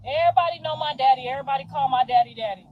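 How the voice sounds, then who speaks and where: A high-pitched woman speaks straight to her audience in a livestream rant. She talks in heated, profane bursts and circles back over the same points for emphasis. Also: rapid-fire, highs cut off. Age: 50s.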